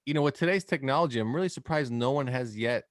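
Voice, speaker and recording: A man hosting a podcast in casual chat, rambling and animated, swearing freely. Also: medium pitch, quick pace, no room sound, studio quality. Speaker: podcast host.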